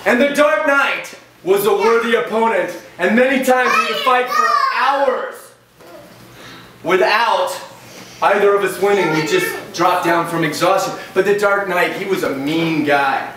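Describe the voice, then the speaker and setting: A man's voice: sits high, measured pace, pushed and bright. A man dressed as a knight, telling a hammy, jokey adventure story to children at a party. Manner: hammy, jokey, plays up the drama. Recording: very echoey room, far from camera, faint noise.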